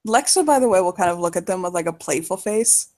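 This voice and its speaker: A woman's voice: lowish voice, expressive, quick pace, mellow. A woman narrating her characters in a casual role-play, swearing freely and laughing often.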